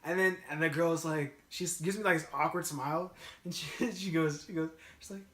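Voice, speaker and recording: A man's voice: on the high side, steady tone, a little fast, a bit bright. A young man telling a laid-back, slangy story in casual chat, often breaking into laughter. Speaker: guest storyteller. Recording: roomy echo.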